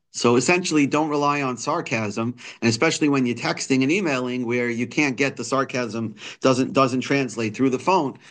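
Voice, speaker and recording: A man's voice: medium pitch, fairly bright tone. A man giving a daily Torah text lesson, reading lines and explaining them in English frequent restarts and fillers. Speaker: Torah teacher.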